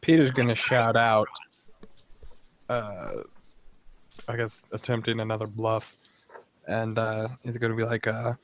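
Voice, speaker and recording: A man describing his character's actions as a player, relaxed with fillers. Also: lowish voice, unhurried, pauses often. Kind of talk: casual tabletop play.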